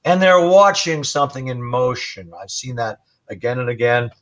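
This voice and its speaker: A man telling a paranormal case story as a guest on a live stream, animated and colorful. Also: mid-range voice, normal speed. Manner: animated storyteller, imitates growls. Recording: muffled lo-fi stream audio.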